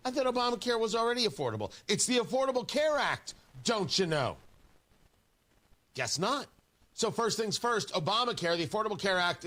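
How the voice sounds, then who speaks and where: A male talk radio host on a studio mic, his pitch sitting high and swinging widely as he argues. He sounds bright and sharp, pressing each point with combative emphasis and repeating lines for effect. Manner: combative and emphatic, with hammering repetition. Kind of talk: opinionated talk radio monologue.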